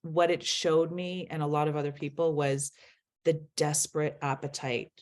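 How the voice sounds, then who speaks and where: A woman's voice: low voice, flat delivery, moderate pace, a little mellow. A middle-aged woman, a guest, speaking earnestly in a candid interview and laughing as she tells stories.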